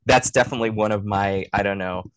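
A man's voice: on the low side, quick pace, smooth, no room sound. A man in his thirties, a guest on a podcast, chatting casually and rambling with many fillers and restarts. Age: 30s. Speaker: guest, production sound engineer.

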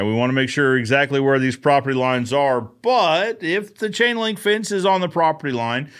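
An upbeat man hosts a live fencing Q&A stream, greeting viewers by name and answering their questions in casual chat. His voice is medium-pitched and fairly bright.

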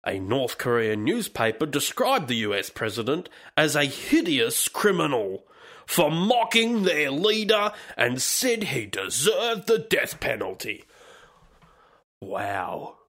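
Profane, lively-voiced man hosting a podcast. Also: on the high side. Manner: profane, laughing, wandering commentary. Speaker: podcast host. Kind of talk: casual solo podcast rant.

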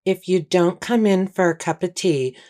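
A kind, gentle young priest, as a woman narrator reads him, speaking in a soft, consoling way. The voice sits low and carries polite warmth without any strong acting. It is an audiobook reading. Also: moderate pace, natural voice.

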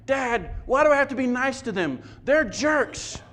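A man's voice: extremely high pitch, lively intonation, a little slow, fairly bright tone, a little hiss or hum, voice pushed up, full character voice. A man putting on a whiny little boy. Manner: pleading, indignant. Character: whiny young boy complaining to his dad.

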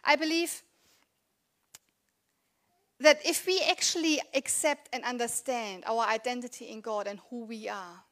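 A woman's voice: on the high side, a bit bright. A woman in her thirties preaching a sermon in a conversational, earnest way, asking the congregation rhetorical questions. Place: church.

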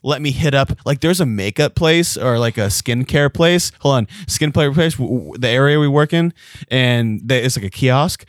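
Joking male co-host, mid-pitched, dry close sound. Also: animated, no room sound. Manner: joking, quick interjections. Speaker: podcast co-host. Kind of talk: casual podcast chat.

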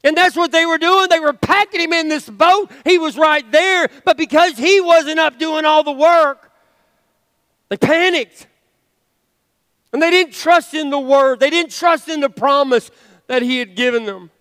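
A man's voice: extremely high pitch, a little slow, a bit bright, no echo, big-room sound. A male pastor preaching a sermon in a church, earnest and conversational, with playful asides. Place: church sanctuary.

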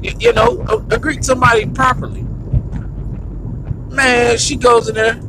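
A man hosting his own show, talking in an animated, rambling, slangy rant. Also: very high-pitched, moderate pace, background noise. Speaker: podcast host. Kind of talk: ranting monologue.

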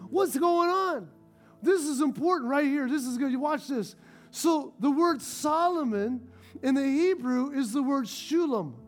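A male pastor preaching a sermon, telling stories with animated, rising excitement. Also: very high-pitched, normal speed, faint music behind.

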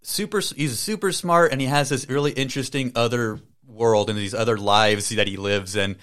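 A man's voice: mid-range voice, normal speed, fairly bright tone, clear, resonant tone. A man hosting a casual podcast chat, talking in a loose, slangy and enthusiastic way.

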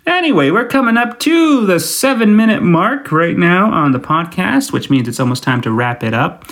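Rambling, slightly high-voiced male podcaster. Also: very animated, normal speed, a bit bright. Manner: rambling, self-deprecating, with frequent fillers and restarts. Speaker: podcast host. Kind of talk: casual solo podcast monologue.

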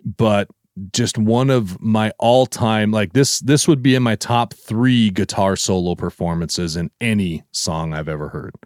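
A man with a lowish voice chats eagerly on a podcast, piling up fillers and restarts as he rambles about what he loves. His mic is close and the sound is dry. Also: measured pace, darkish tone, dry recording. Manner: enthusiastic, rambling with many fillers. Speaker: podcast co-host. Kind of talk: casual chat.

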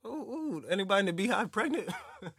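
A man's voice: high voice, big pitch swings, quick pace, fairly bright tone, breathy edge, no echo, studio quality. A man co-hosting a casual podcast, joking loosely, laughing often and swearing freely. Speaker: podcast co-host. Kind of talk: casual banter.

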